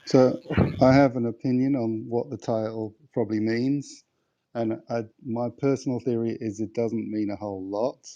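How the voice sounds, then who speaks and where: An English man on a podcast panel, calmly explaining his own theory in casual discussion. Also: mid-range voice, moderate pace, dull audio. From England.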